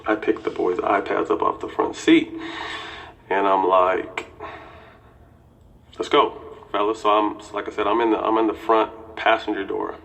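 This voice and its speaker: A middle-aged man recounting a heated episode in casual storytelling, talking quickly with restarts and frequent swearing. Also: lowish voice, flat delivery, gravelly, a bit bright. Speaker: interviewee telling a story.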